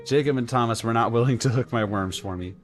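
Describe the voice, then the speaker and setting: A man live-streaming a game, telling a rambling story in an animated, casual way with lots of filler words. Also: medium pitch, fast, soft background music. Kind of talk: live-stream gameplay chat.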